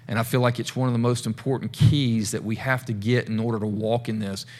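A man's voice: medium pitch, little pitch movement, a little fast, darkish tone. A male pastor giving a casual, conversational sermon, talking straight to the congregation with chatty asides.

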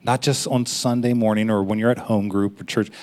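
A man preaching in a conversational, personal way, stopping for quick laughs and honest asides as he addresses his listeners. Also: lowish voice, steady tone, a little mellow. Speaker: pastor. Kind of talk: sermon.

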